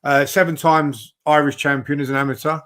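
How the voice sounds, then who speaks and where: A man's voice: on the high side, fairly even intonation, brisk, a bit bright. A man hosting an interview, mostly giving short encouraging replies and praise to his guest. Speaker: host, interviewer. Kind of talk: casual interview chat.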